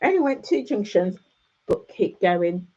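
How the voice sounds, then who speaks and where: A woman's voice: medium pitch, very animated, a little slow, warm tone, breathy edge. Chatty encouraging woman, lo-fi. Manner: chatty, encouraging, repeats phrases for emphasis. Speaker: host. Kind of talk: casual motivational chat with viewers. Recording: dull lo-fi sound.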